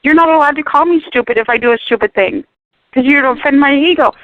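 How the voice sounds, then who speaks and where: High-voiced woman, fervent radio guest, preachy and emphatic, dry tinny phone sound. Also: fast talker, no echo. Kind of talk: animated talk radio discussion.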